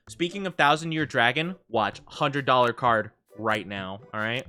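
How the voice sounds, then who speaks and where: A man's voice: mid-range voice, expressive, moderate pace, bright, forceful tone. A man streaming a game, chatting casually in a rambling way, full of fillers and laughing easily. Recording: faint background music.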